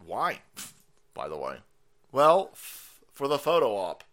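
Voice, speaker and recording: A man's voice: mid-range voice, wildly swooping pitch, takes it slowly, a bit bright. A man hosting his own stream, giving a foul-mouthed, mocking political rant and laughing often. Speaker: streamer host.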